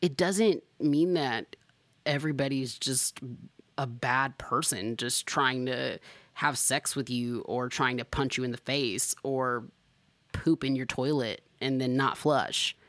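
A young woman hosting a podcast in casual chat, sassy and animated, jumping to high exclamations. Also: takes it slowly, no room sound. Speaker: podcast host.

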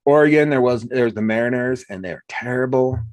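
This man has a mid-range voice and a brisk delivery on an echo-free recording. As host, he keeps things casual, telling lively stories and acting out the quotes.

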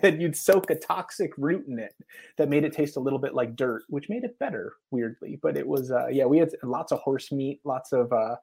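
Animated American man telling stories. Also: mid-range voice, brisk, vocal fry, slightly rough. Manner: animated anecdotes with frequent laughs and acted quotes. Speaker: guest, TV traveler. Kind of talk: casual storytelling interview.

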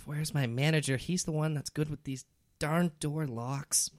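A man voicing a dim, self-important rich heiress who sighs and speaks slowly. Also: a little high, steady tone, dry recording, lightly acted. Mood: haughty. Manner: sighing, self-important, slow.

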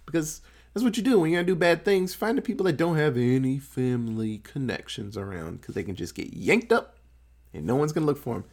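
A man telling a film's story in a loose, chatty way, with his voice swinging up and down a lot. He swears freely and laughs along as he goes. His voice sits a little higher than most men's. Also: a little fast. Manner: animated, profane, laughing storyteller. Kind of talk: casual movie recap.

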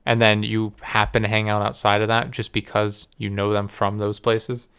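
A man's voice: on the low side, flat delivery, moderate pace, a bit bright, clear, resonant tone. A man hosting a casual chat, rambling and hesitant, full of fillers.

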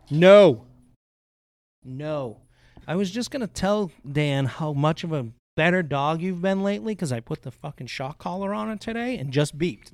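A man who works at a golf course, telling a story in casual chat, swearing often and acting out the golfers' voices. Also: mid-range voice.

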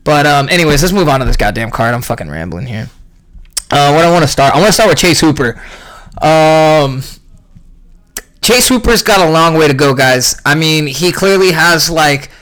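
A young man ranting casually about a fight event, profane and rambling, clearly irritated. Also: fairly high pitch, expressive, moderate pace, a bit bright. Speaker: podcast host recapping a fight event.

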